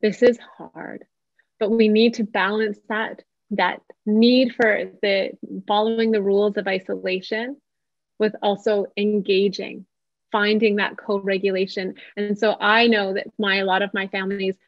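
A woman's voice: medium pitch, flat delivery, measured pace, dry recording. A woman psychotherapist giving an online parenting workshop over a video call, talking casually and acting out what parents say. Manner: warm, chatty, acts out parents' quotes. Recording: dry, slightly dull video-call audio.

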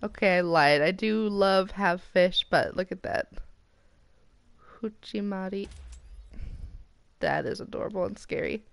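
Gravelly-voiced American woman streamer. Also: medium pitch, a little slow, pauses often, dry recording. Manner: excitable and chatty, squealing at rare items. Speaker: game streamer. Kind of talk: casual commentary while opening loot boxes.

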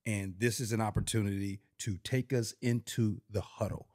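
A man's voice: fairly low pitch, fairly even intonation, normal speed, a little mellow. A man hosting a podcast, eagerly pressing his guest for details in casual interview chat. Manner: eager questioning, pushes for detail. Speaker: podcast host.

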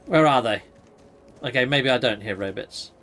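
A British man who hosts a gaming channel, talking through his play in a casual, excitable way and yelping when things go wrong. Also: mid-range voice, moderate pace. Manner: excitable, exclaims and yelps during fights. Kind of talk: casual let's-play commentary.

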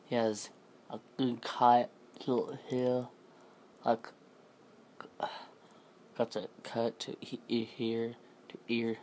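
A man's voice: medium pitch, little pitch movement, extremely slow, pauses often, a little mellow, slight background noise. A man casually telling a scary story, rambling and correcting himself as he goes.

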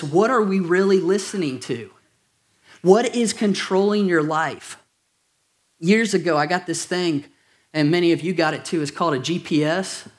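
High-voiced man preaching a casual sermon. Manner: conversational, jokey asides to the congregation. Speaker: pastor. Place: church auditorium.

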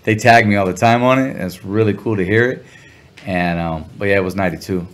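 A middle-aged man telling a story as an interview guest, relaxed and full of slang. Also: fairly low pitch, quick pace. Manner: laid-back, chuckling, heavy slang. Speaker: guest musician.

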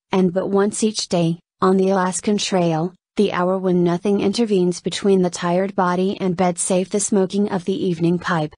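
A woman narrating an audiobook in a steady, measured storytelling voice. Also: mid-range voice, no room sound. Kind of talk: scripted narration.

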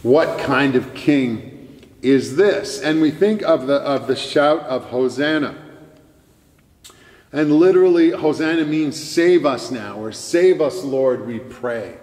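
A man preaching in a church sanctuary, measured and emphatic, with dramatic pauses and stresses. His voice sits at an ordinary middle pitch. It rings with a long, roomy reverb from the hall. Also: darkish tone. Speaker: pastor. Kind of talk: sermon.

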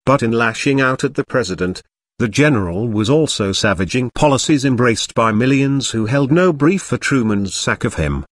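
A man's voice: medium pitch, expressive, moderate pace, no echo. Man narrating a history audiobook, dry.

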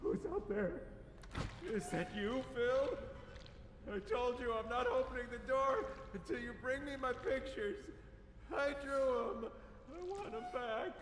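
Grumpy, suspicious recluse in a horror game; high, demanding, echoing through a hall with noise. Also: male voice, measured pace. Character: grumpy man shut behind a door.

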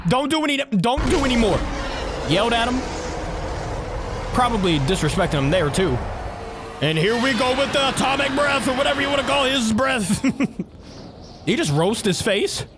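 A reaction video host giving excitable, chatty play-by-play in casual commentary, laughing often. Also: mid-range voice, moderate pace, pauses often, background noise.

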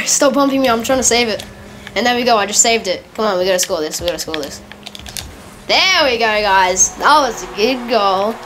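A woman talks through an online match in a casual, running commentary with a fairly high voice. She gets excitable and laughs easily. She often stops to correct herself. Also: a little hiss or hum. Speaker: gamer.

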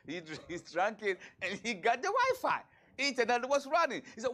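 A man preaching a sermon in a high voice that swings widely in pitch. He talks in an animated way, firing rhetorical questions and repeating his points. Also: a little slow, creaky, pauses often. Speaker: imam.

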